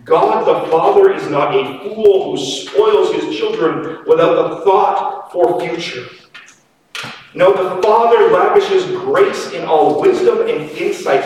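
A man preaches slowly and with emphasis, his voice sitting a little high and rising and falling in loudness. The sound comes from a distance in a large, echoing sanctuary, with a faint hiss underneath. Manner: slow, emphatic preaching with dramatic swings in loudness. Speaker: pastor. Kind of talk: sermon. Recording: echoey hall, distant mic, faint noise.

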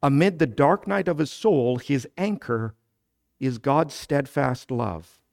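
Slow gravelly-voiced male preacher. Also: mid-range voice, animated. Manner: preaching, rising to loud emphatic petitions; explains scripture slowly, then builds to loud emphatic petitions. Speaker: pastor. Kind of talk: sermon.

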